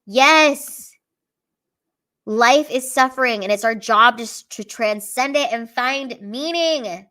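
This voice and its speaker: A woman's voice: on the high side, slow, bright, forceful tone. A woman hosting a casual live stream, reading the chat aloud and giving a blunt, profane, earnest pep talk.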